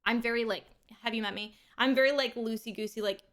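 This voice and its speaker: A young woman with a somewhat higher-than-usual voice talks fast while gaming on her live stream. She spins animated, meandering stories, stacking up fillers and starting over again and again.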